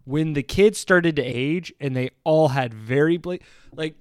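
Animated man reviewing a movie. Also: on the high side, a little slow, clean tone, no echo, clean studio sound. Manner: animated, sarcastic, laughs often. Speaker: podcast co-host. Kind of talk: casual movie review chat.

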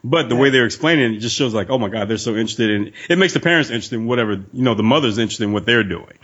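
A man co-hosting a relaxed podcast, firing off his thoughts at a fast clip in a husky, breathy voice. The audio is a bit dull and lo-fi. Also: medium pitch. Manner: rapid, laughing, chatty. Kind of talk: casual chat.

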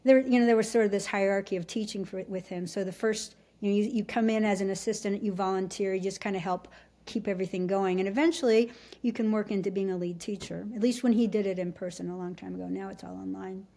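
A middle-aged woman from Alaska, a podcast guest telling her story in a casual, halting way with many restarts. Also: mid-range voice, steady tone, warm tone. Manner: halting, full of restarts and fillers. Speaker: podcast guest, shamanic teacher.

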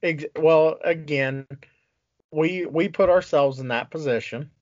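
A man's voice: on the high side, unhurried, darkish tone, no room sound. A man co-hosting a casual sports talk show, ranting with exasperation and plenty of swearing. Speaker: podcast co-host. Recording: dull lo-fi sound.

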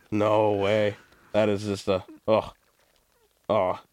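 A man's voice: fairly low pitch, level tone, slow pace, darkish tone, no echo. A man hosting a podcast in casual, crude, rambling chat, joking around and slipping into silly voices. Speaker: podcast host.

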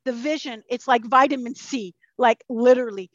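A high-pitched woman chats as a podcast guest, lively and loose-tongued, swearing freely and slipping into voices she quotes. The sound is dry and a little dull. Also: moderate pace, dry recording. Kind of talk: casual interview chat.

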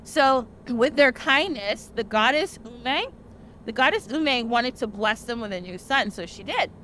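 A woman's voice: a little high, a little slow, slight background noise. Chatty young woman retelling a tale. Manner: chatty, animated retelling with frequent "like" fillers. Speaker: podcast host. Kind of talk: casual storytelling.

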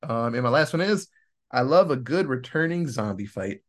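A man's voice: mid-range voice, expressive, moderate pace. A man co-hosting a casual horror movie review podcast, rambling, swearing and laughing often. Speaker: podcast co-host.

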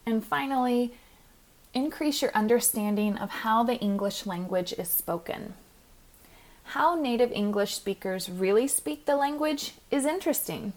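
A woman hosting a podcast, reading a scripted monologue in a clear, measured, instructive way as a pronunciation coach. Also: a little high, lively intonation.

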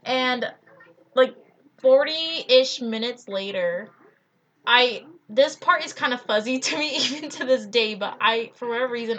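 A young woman co-hosting a podcast, telling a funny story in a casual, giggly way, full of "like". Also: on the high side. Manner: giggly, animated, lots of "like". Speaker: podcast co-host.

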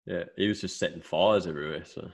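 Low-voiced Australian man telling stories. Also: fast, gravelly. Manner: swearing storyteller. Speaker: podcast co-host. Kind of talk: casual chat.

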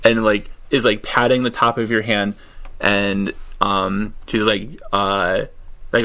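A man narrating a tabletop role-playing game as game master, halting, with many ums and frequent laughter. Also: fairly low pitch, little pitch movement, pushed and bright. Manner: halting, full of ums and likes, laughs often.

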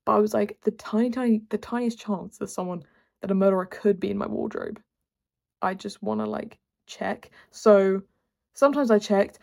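A woman's voice: mid-range voice, steady tone, moderate pace, creaky, a little mellow. A young woman hosting a solo podcast, rambling and exasperated, full of filler words. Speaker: podcast host. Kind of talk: casual solo chat.

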